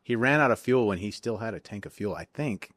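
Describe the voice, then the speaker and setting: A man's voice: lowish voice, expressive, fairly quick, fairly bright tone, no echo, clean studio sound. A man, a podcast guest and jiu-jitsu coach, chatting casually in a loose, rambling, profane way. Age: adult with young kids. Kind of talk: casual chat.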